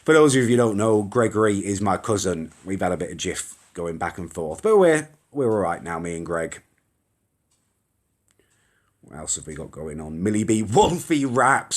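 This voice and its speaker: A young man hosting a casual live stream, rambling and reading out viewer comments with mild swearing. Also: low voice. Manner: chatty, rambling, mild swearing, reacts to comments as they scroll. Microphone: phone or webcam live stream.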